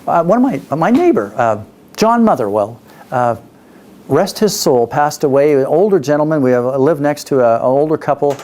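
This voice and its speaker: A man's voice: a little high, expressive, normal speed, darkish tone. A middle-aged man from Canada, a business speaker, telling a story in a conversational way, with fillers and restarts. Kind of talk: storytelling talk.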